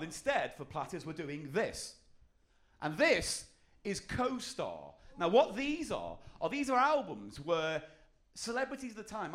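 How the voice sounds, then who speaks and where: Brief: high-pitched male host, upbeat explaining. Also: a bit bright. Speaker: show host. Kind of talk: hosting a comedy game.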